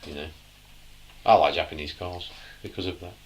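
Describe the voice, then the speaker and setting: A man's voice: low-pitched, moderate pace, slight background noise. A man from England with an East Midlands accent, chatting easily with his bandmates on a podcast. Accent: East Midlands English. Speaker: band member co-hosting a podcast. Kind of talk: casual banter among bandmates.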